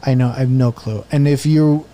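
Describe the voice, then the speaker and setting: A man's voice: medium pitch, steady tone, normal speed, crowd noise. A man in his thirties, a podcast guest, telling a rambling, profane story in casual chat.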